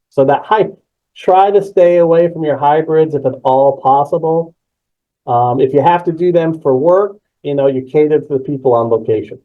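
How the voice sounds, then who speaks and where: A man presenting a live webinar on presentation skills, energetic and emphatic, repeating key words and reacting to the chat. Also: a little high, phone-quality sound.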